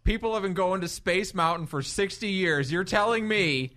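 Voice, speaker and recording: Guy cohosting, bright punchy voice, kinda high, emphatic. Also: normal speed. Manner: emphatic, earnest. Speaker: podcast co-host. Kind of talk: casual chat. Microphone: studio mic.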